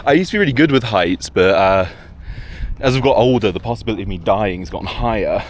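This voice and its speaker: A man's voice: fairly low pitch, animated, fast, a little hiss or hum. A man talking casually while out on a hill walk, rambling and self-mocking with the odd swear word, a bit out of breath. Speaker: vlogger. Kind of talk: casual hiking vlog. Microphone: handheld camera.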